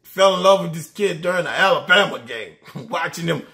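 A man's voice: a little high, lively intonation, a little fast, vocal fry, bright, forceful tone. A man talking college football casually, enthusiastic, laughing often and repeating his words. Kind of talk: casual sports talk.

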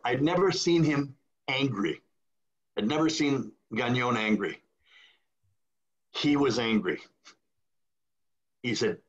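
An older man, a retired priest, telling a story in a video call, acting out the voices of the people he quotes. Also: mid-range voice. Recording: dull lo-fi video call audio.

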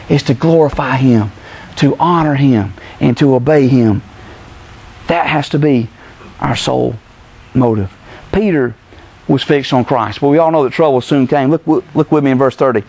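Animated preacher man, fairly high voice. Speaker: pastor. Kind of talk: sermon.

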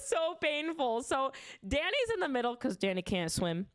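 A young woman telling a funny story in casual chat, animated, full of "like" fillers and swearing. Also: high-pitched, moderate pace. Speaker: streamer.

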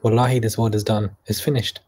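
A man's voice: on the low side, little pitch movement, fast, darkish tone, slightly rough. A young man from Canada hosting a casual livestream, reading chat messages aloud and mocking people in a chatty way.

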